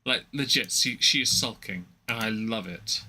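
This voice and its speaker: A man's voice: lowish voice, moderate pace, pushed and bright, husky. A young man giving rambling, mocking commentary on a livestream, with many fillers and restarts.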